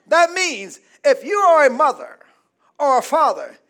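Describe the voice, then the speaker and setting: A man preaching a call-and-response sermon as pastor, calling for amens, prompting the congregation to fill in words and building to shouts. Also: extremely high pitch, wildly swooping pitch, a little slow. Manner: preaching with calls of "say amen, somebody" and rising shouts. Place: church.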